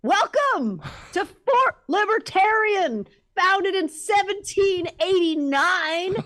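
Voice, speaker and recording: Woman doing a cheery female tour guide, high voice, unhurried, laughing through the pitch. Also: lively intonation, fairly bright tone, exaggerated voice. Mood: chipper. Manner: upbeat sales pitch, laughing through lines. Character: chipper female tour guide of a libertarian fort.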